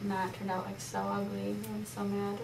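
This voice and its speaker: A woman's voice: mid-range voice, completely flat delivery, normal speed, creaky, reverberant, distant mic, noisy background. A teenage girl vlogging in casual chat, giggly and rambling with lots of "like" fillers.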